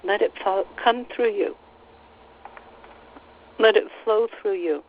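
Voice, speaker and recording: A woman relaying channeled spiritual teachings on a recorded call, speaking slowly and gently and repeating phrases. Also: medium pitch, a little hiss or hum. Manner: slow, soothing, repeats phrases, relays quotes. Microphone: phone line on a teleconference call. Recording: slightly dull teleconference audio.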